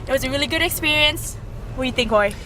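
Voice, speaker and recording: Young woman vlogger, high bright voice, chatty, casual, outdoors. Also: slight background noise. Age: young adult. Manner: quick, chatty, fillers. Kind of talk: casual vlog chat.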